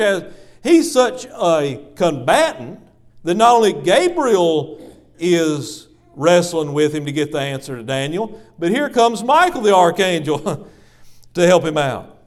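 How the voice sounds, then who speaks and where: A man's voice: sits high, expressive, slow. A man preaching a sermon in church, dramatic and repetitive, calling the congregation folks. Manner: dramatic swings between loud emphasis and hushed asides. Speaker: pastor.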